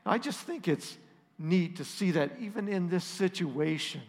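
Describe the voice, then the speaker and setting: A middle-aged pastor with a slightly high voice shares a story sermon in a relaxed, self-deprecating manner, as if chatting with his congregation. He keeps a measured pace, and his voice rings through a church hall with a long, trailing reverb.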